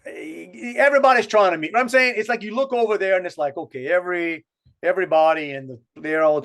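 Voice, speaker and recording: This time the South Louisiana co-host speaks fast, with a fairly high pitch and a fairly bright tone. He rambles through a long story in casual podcast chat, restarting again and again.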